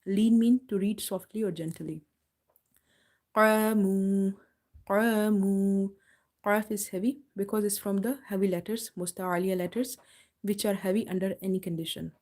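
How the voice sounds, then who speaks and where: Woman tutor going over recitation rules slow and patient, drawing words out to demo, soft mellow tone. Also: medium pitch. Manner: slow, drawn-out model recitation between explanations; patient step-by-step explaining. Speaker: Quran recitation teacher. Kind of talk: live online tajweed lesson.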